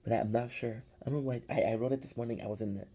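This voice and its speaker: A man's voice: mid-range voice, steady tone, fast talker, dark tone, breathy edge. A young man, rambling through a casual episode recap with lots of restarts. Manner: rambling, many restarts and fillers. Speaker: show reviewer.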